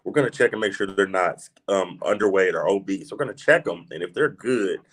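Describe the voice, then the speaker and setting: Low-voiced laid-back man hosting a chat. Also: fairly quick, fairly bright tone, slightly rough. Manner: laid-back, swears freely, says "man" a lot. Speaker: podcast host. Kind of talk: casual livestream chat.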